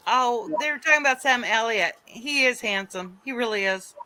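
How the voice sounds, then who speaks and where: Bright matter-of-fact woman. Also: a little high, normal speed, rough recording. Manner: steady, matter-of-fact explaining. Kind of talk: casual chat.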